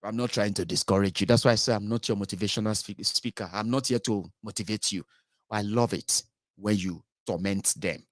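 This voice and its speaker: A man's voice: lowish voice, fairly quick, no room sound, studio quality. A middle-aged Nigerian man giving sardonic political commentary in a casual vlog, mixing in pidgin and Yoruba phrases.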